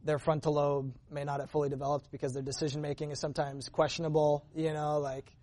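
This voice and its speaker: Man telling a personal testimony, slightly high voice. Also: level tone, fast talker, dark tone. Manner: earnest, conversational, with frequent restarts and fillers. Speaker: church member giving a testimony.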